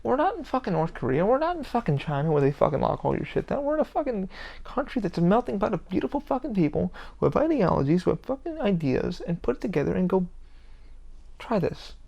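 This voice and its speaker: A man's voice: sits high, very animated, quick pace, gravelly, darkish tone. A man hosting his own podcast, talking in a heated, rambling monologue with constant swearing. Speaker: podcast host. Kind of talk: casual monologue.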